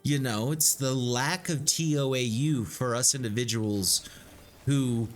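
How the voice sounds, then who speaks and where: A man's voice: medium pitch, steady tone, measured pace, soft background music. A man streaming a game live, chatting casually with viewers and swearing freely. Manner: loose, swears freely, talks to chat. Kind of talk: casual live-stream chat while gaming.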